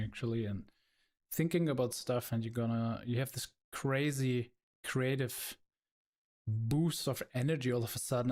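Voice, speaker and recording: A man hosting a live stream, his voice at an ordinary middle pitch. He talks casually and chummily as he pauses a video to chat with his viewers. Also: darkish tone. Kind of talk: casual live reaction commentary.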